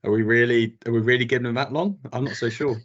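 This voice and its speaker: A man's voice: medium pitch, steady tone, quick pace, lo-fi sound. A man from England co-hosting a casual football chat, easygoing, laughing often and repeating himself. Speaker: podcast co-host. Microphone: video call.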